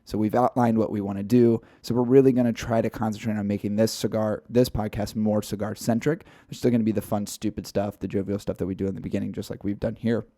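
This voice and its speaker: A man's voice: on the low side, level tone, fast, hardly any pauses, mellow, dry recording, studio quality. A man co-hosting a casual podcast, talking in a loose, rambling way with fillers. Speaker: podcast co-host.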